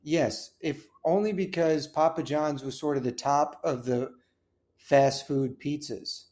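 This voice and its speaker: A man's voice: a little high, fairly even intonation, unhurried, darkish tone. A man, a comedian and actor, guesting on a chatty podcast and telling rambling, casual anecdotes. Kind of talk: casual chat.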